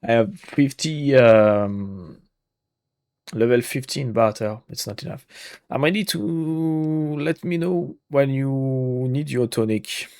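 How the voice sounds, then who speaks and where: A man's voice: mid-range voice, slow, darkish tone, dry recording, studio quality. Joking man narrating a game playthrough. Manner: chatty, joking, reads dialogue aloud. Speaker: gaming YouTuber. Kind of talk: casual let's-play commentary.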